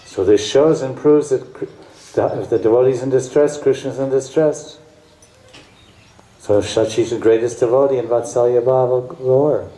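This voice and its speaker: A man's voice: medium pitch, dark tone. Emotive man telling devotional stories. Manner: emotive, repetitive, breaks into chanted song. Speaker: spiritual teacher. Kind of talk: devotional storytelling lecture. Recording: echoey room, faint background noise.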